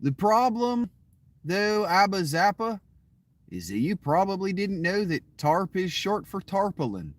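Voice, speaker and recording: A man's voice: high-pitched, sing-song, unhurried, no room sound. A man chatting casually with his viewers in a boastful, crude, rambling way. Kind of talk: casual live chat with viewers.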